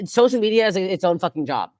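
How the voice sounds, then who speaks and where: A woman's voice: medium pitch, very animated, quick pace, a little mellow, no room sound, clean studio sound. A woman comedian talking bluntly and profanely in a casual podcast chat, rambling with frequent restarts. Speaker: guest comedian.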